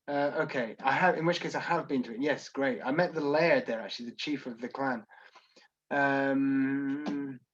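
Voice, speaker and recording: A man's voice: medium pitch, fairly even intonation, moderate pace, lo-fi sound. A Scottish man working as a tour guide, answering viewer questions in a chatty, self-deprecating way on a video call. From Scotland.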